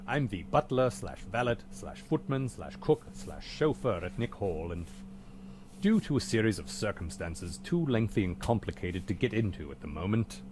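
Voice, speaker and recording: An actor playing a weary, dry-witted butler in a game, speaking in a formally polite, deadpan way. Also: male voice, lowish voice, noisy background. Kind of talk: video game voice acting.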